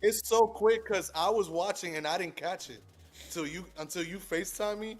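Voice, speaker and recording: Slightly high-voiced man chiming in. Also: normal speed. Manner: short eager interjections. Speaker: podcast co-host. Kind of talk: casual chat.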